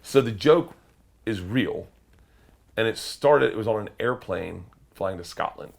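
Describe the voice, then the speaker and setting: A middle-aged man spins outrageous stories with a voice that leaps all over the place, cursing freely and doing everyone's voices. He gets loud when a story peaks, and his delivery is big and animated throughout. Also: fairly low pitch, a little slow, gravelly. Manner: loud, swearing, acts out voices and shouts in stories. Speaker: comedian guest.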